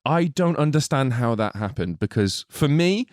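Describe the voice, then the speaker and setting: A man co-hosting a movie review podcast, talking in an excitable, swearing casual chat and acting out scenes. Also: medium pitch, normal speed, dry recording, studio quality. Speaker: podcast co-host.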